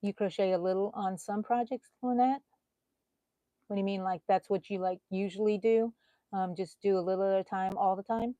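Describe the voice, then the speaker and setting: A middle-aged woman with a drawl talks into a close, dry microphone at home. She chats through a casual livestream, greeting viewers by name in a warm, emotional, reassuring way. Her voice sits at an ordinary middle pitch. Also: fairly even intonation, a little fast, no echo. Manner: chatty, reads out viewer comments by name. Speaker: crochet channel host.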